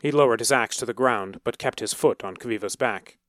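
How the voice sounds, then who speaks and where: A man narrating a story in a measured, dramatic way. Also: medium pitch, a bit bright, no room sound, clean studio sound. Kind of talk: scripted narration.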